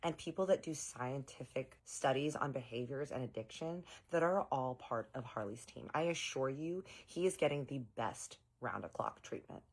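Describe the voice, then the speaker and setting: A woman voicing a prim, controlling caretaker who talks in a soft, formal, placating way. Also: a bass voice, expressive, moderate pace, hardly any pauses, full character voice.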